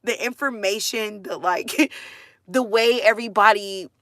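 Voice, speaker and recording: A woman talking casually with viewers, chatty and animated, laughing often and saying "like" and "dude" a lot. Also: mid-range voice, unhurried, no echo, studio quality. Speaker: mother sharing her family life.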